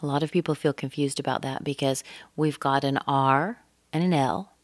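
A woman teaching English pronunciation, saying example words slowly and deliberately to show where the stress falls. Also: extremely low pitch, steady tone, no room sound.

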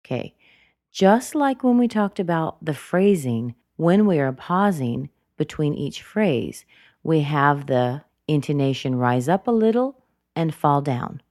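A woman's voice: low-pitched, very animated, measured pace, darkish tone, dry recording, clean studio sound. A woman teaching English pronunciation, explaining patiently and repeating words to show how the intonation rises and falls. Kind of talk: slow explanatory lesson.

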